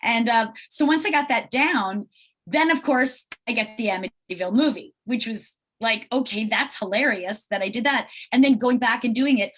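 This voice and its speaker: A middle-aged woman from Long Island, a guest actress talking casually in an interview over a video call, lively and chatty with frequent restarts. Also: fairly high pitch, normal speed. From Long Island, New York.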